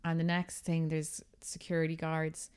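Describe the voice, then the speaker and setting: A woman's voice: sits low, completely flat delivery, moderate pace, a little mellow, smooth. A young woman, a podcast co-host telling coy, chatty anecdotes in casual conversation. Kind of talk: casual chat.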